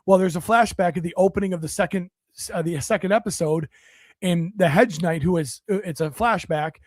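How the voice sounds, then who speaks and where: A man co-hosting a casual podcast, retelling things enthusiastically with halting restarts and some swearing. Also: high-pitched, no echo, studio quality. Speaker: podcast co-host. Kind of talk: casual chat.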